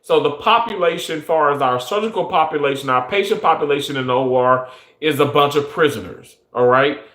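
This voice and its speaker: Young man, earnest monologue, a bit high, echoey room. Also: a little fast, a bit bright. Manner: earnest, emphatic, many restarts. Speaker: surgical technologist. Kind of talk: casual monologue.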